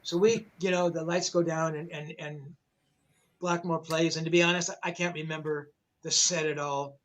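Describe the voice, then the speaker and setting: Older guy telling a rock story, swears a lot, rambles with lots of ums, voice a bit higher than most men. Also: flat delivery, moderate pace, rough recording. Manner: rambling, profane, many fillers and restarts. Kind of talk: casual storytelling on a livestream.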